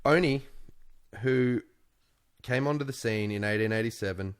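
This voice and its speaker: A man's voice: medium pitch, moderate pace, clear, resonant tone. A man co-hosting a podcast in casual, jokey chat. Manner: jokey, laughs often, drops into silly voices. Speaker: podcast co-host.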